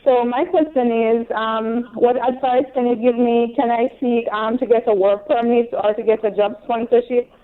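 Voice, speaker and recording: Jamaican woman calling in over a tinny phone line, polite, lots of ums, voice a bit high. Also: fairly even intonation, moderate pace, few pauses. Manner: polite, hesitant, many ums. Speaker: caller. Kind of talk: phone-in question.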